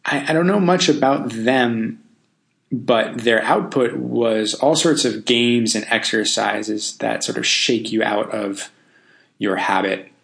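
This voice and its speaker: A man's voice: mid-range voice, slow, creaky, a bit bright. A man hosting a casual solo podcast, thinking aloud in a loose, self-deprecating way with frequent ums and restarts. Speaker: podcast host.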